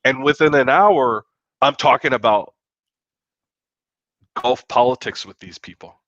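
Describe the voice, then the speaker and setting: A man, a guest author from the United States, telling a story in a podcast interview with lively, profane, acted-out quotes. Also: medium pitch, measured pace, no room sound, dull audio.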